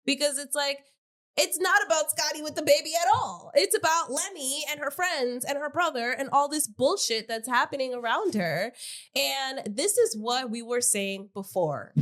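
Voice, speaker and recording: A woman's voice: high-pitched, expressive, moderate pace, fairly bright tone. A young woman co-hosting a podcast, talking heatedly and profanely and asking rhetorical questions in casual reality-TV commentary. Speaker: podcast co-host.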